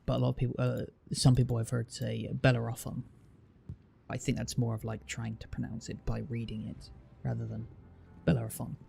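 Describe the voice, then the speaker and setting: English male streamer, very gravelly and dark-toned, blunt and teasing, casual chat, faint music behind. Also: medium pitch, completely flat delivery, slight background noise. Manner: chatty, blunt, teasing, drawn-out fillers.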